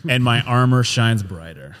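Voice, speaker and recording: A man playing a tabletop game, animated and playful. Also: mid-range voice, moderate pace. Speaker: player. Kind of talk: casual chat at a game table. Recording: noisy recording with clicks.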